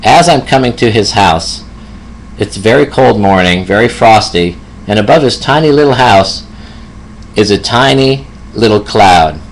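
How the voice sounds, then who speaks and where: Gravelly low-voiced man in his fifties telling stories. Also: animated, unhurried, rough recording. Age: 50s. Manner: reflective, laughs often, warm-humored. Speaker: hospice nurse. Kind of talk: personal storytelling.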